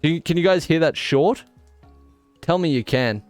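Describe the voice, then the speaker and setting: A man chatting casually on a live stream, excitable and laughing at his own jokes. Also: fairly high pitch, moderate pace, dry recording, faint music behind.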